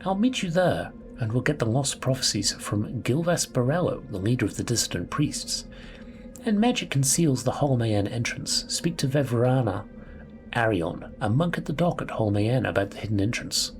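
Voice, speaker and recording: A man reading out, in his own voice, a game woman calmly laying out an escape plan. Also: medium pitch, moderate pace, soft background music, natural voice. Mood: instructing. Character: calm woman plotting a prison escape.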